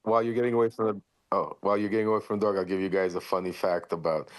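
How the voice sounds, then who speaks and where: A man's voice: low-pitched, flat delivery, very fast. A middle-aged man speaking as a guest in a casual live chat, rambling and restarting his sentences with the odd chuckle. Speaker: interview guest.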